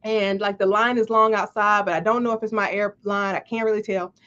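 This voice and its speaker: A woman's voice: medium pitch, little pitch movement, fairly quick, a bit bright. A woman, a life coach, telling a story to a live audience with much animation, acting out the dialogue and laughing often. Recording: dull lo-fi stream audio.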